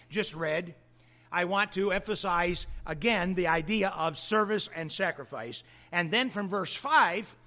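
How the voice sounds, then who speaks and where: A man preaches a verse-by-verse sermon in a slow, deliberate cadence. His voice sits fairly high and bright, and he leans hard on single words, rising and then dropping low for emphasis. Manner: deliberate, emphatic phrasing with dramatic drops and rises. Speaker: pastor. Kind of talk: expository sermon.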